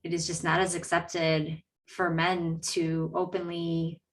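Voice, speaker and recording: Brief: woman host, lowish voice, measured and reflective, mic a little far off. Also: monotone, slight background noise. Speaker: podcast host. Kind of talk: conversational podcast interview.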